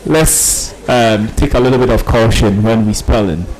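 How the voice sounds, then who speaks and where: A man's voice: fairly low pitch, normal speed, darkish tone, faint music behind, poor audio. Hesitant man judging a spelling contest. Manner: hesitant speech with many ums. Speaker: spelling contest pronouncer and judge. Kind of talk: reading out words, then closing remarks.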